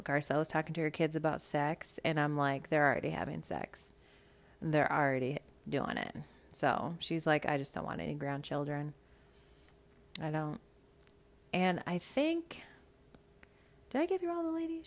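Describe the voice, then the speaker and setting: A young woman with a slightly low voice gives a casual recap of reality TV. She talks bluntly and swears freely, with an animated, chatty delivery. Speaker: podcast host.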